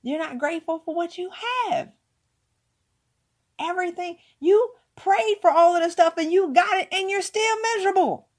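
A woman's voice: very high voice, normal speed. A woman giving an emphatic motivational talk, hammering points home with repeated words. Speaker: motivational speaker.

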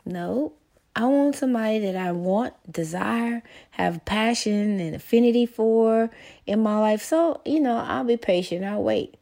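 A middle-aged woman vlogging to her viewers in a blunt, profane, excitable monologue. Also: medium pitch.

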